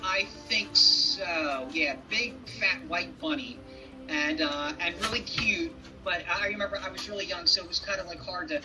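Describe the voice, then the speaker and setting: A man's voice: high-pitched, lively intonation, music in the background. Hesitant man heard from a distance. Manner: hesitant, halting, with many restarts. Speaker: podcast guest. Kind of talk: casual conversation.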